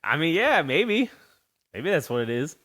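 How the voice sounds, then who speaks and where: Casting: lively male podcast co-host, animated, swearing storyteller, slightly high voice. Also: unhurried. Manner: animated, profane, rambling. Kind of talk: casual storytelling.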